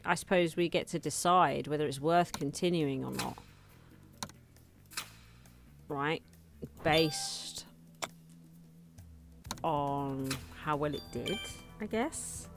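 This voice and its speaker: A woman's voice: sits low, slow, gravelly. A woman casually commenting while she plays a game, thinking aloud and laughing at herself. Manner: chatty, self-amused, thinks aloud, often laughs. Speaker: gaming video host. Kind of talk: casual let's-play commentary. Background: faint game music.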